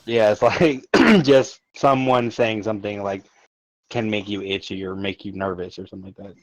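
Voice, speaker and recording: A man's voice: fairly low pitch, normal speed, no room sound. A man who is a guest on a casual podcast, talking in a laid-back, offhand way. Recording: dull, dry sound.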